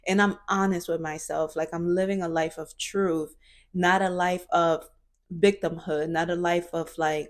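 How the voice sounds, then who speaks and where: A woman's voice: on the low side, fairly even intonation, a little slow. A woman in her twenties talking earnestly in a reflective personal vlog, searching for words with fillers and restarts. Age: 20s. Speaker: vlogger.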